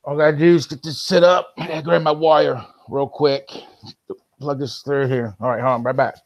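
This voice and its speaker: A man's voice: a little high, level tone, fairly quick. Casual man hosting a live call-in stream. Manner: chatty, addresses viewers and mods directly.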